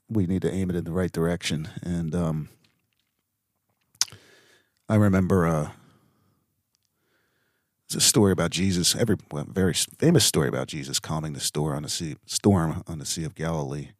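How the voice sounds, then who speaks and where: Low-voiced man hosting a faith podcast. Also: no echo, studio quality. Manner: earnest, halting, with many fillers. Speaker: podcast host. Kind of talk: reflective faith podcast talk.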